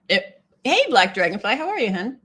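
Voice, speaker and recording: A woman's voice: mid-range voice, fairly bright tone, husky. A woman hosting a casual live stream, chatting with viewers, often laughing and reading their comments aloud.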